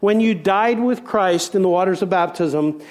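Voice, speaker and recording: A middle-aged man preaching with a fairly high voice, pressing his points through rhetorical questions. He then sinks into soft, reflective stretches. A pastor's sermon delivery throughout. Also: normal speed.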